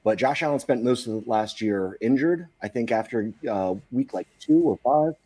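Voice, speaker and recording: A man's voice: medium pitch, expressive, normal speed, mellow. A man co-hosting a podcast, making dry asides and reasoning through stats in casual chat. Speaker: podcast co-host.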